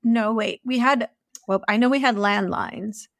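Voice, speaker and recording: A former escort co-hosting a podcast chats casually, laughing easily as she recalls stories. Her fairly high, fairly bright voice has vocal fry and a slightly slow pace, recorded with studio quality and no echo.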